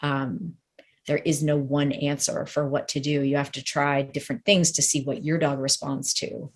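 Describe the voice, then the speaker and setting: Woman, dog trainer, deep voice, casual interview talk, rambling and hedging. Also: level tone, moderate pace.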